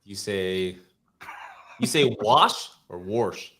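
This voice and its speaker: Joking guy hosting a livestream, lowish voice that bounces around a lot. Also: animated, very slow, fairly bright tone. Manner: joking, teasing. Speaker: podcast host. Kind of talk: casual chat on a livestream.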